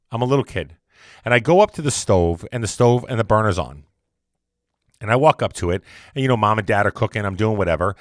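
A man's voice: fairly low pitch, dry recording, clean studio sound. A man giving a casual motivational monologue, rambling and repeating himself as he talks. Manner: rambling and repetitive, conversational.

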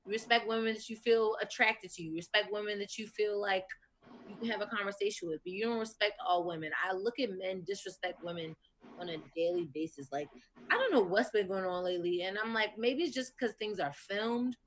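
A woman in a heated casual group discussion, talking emphatically and getting louder when outraged. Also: mid-range voice, brisk, a little hiss or hum.

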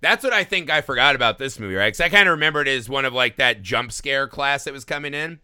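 A man in his thirties, a parent, chatting casually about a film, animated and quick to laugh. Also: mid-range voice, clean tone, no room sound, clean studio sound. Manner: animated, laughing, swearing storyteller. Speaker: podcast co-host.

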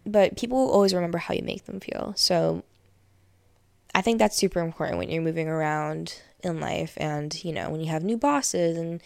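A young woman talks through life lessons in a relaxed, chatty way, slipping into little acted-out conversations. Her voice sits a bit low with a gravelly fry. The recording is close and dry. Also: no echo. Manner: chatty, animated retellings with filler likes. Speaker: host. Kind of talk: casual advice monologue.

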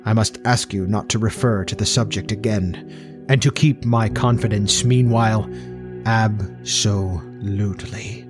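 A man's voice: lowish voice, music in the background, lightly acted. A man voicing a grim, solemn old professor. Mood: grave. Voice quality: even metallic ring to the voice. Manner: quiet, grave, slow and final. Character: solemn elderly male professor, grim and haunted.

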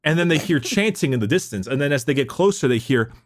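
Man, casual storyteller, lively swinging pitch, laughs a lot, repeats words. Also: quick pace. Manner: animated, laughing, with restarts.

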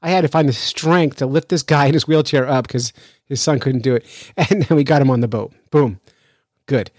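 A man hosting a podcast, telling a story in a lively, chatty way with frequent restarts, then commenting on the news. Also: mid-range voice, moderate pace, dry recording. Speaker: fishing podcast host.

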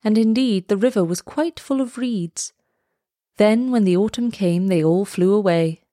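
A woman reads a classic fairy tale aloud in a measured, expressive storytelling manner. Her pitch sits in an ordinary middle range. The recording is dry and close, with no room echo.

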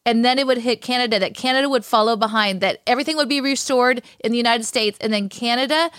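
Woman co-host, enthusiastic, agreeable, slightly high voice, dry close sound. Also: fast talker, a bit bright, no echo. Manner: enthusiastic, affirming. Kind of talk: casual talk-show chat.

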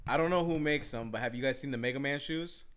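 A man co-hosting a podcast, talking in a laid-back, slangy way. His voice sits at an ordinary middle pitch, and his chat is easygoing and full of jokes. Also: fast, fairly bright tone. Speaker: podcast co-host. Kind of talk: casual chat.

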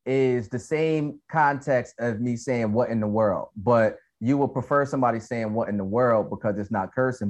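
A man hosting a podcast in casual chat, laid-back and talking things through. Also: mid-range voice. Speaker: podcast host.

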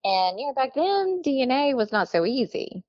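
This guest has a high, very animated voice and speaks at a moderate pace while telling a personal story in casual conversation. She chats freely, laughs often, and acts out the people she quotes. The audio is dull, with no room sound.

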